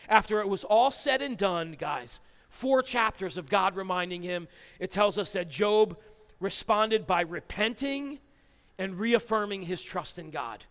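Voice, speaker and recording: High-voiced guy preaching, lively, reading verses rapid fire, big echoey church. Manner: animated, quick bursts of reading scripture aloud. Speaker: pastor. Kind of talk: sermon. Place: church hall. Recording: reverberant church hall.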